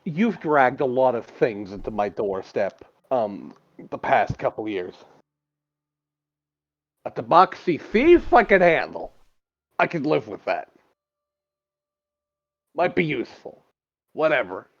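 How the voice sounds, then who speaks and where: A man's voice: medium pitch, sing-song, takes it slowly, pauses often. A man playing his character in a tabletop role-play game, blunt and exasperated. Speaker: player. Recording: dull lo-fi stream audio.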